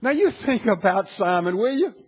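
Husky high-voiced male pastor preaching. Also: sing-song, normal speed, darkish tone, big-room sound. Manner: conversational preaching, builds to emphatic declarations. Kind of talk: sermon.

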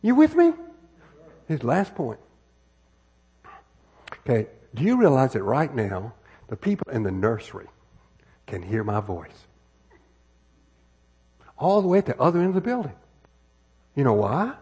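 A man's voice: medium pitch, huge pitch swings, unhurried, long pauses, mellow, husky. An American man preaching a sermon in a church, talking conversationally through a body-worn microphone with many rhetorical questions and repeated phrases. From United States. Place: church sanctuary. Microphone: wireless microphone worn on body.

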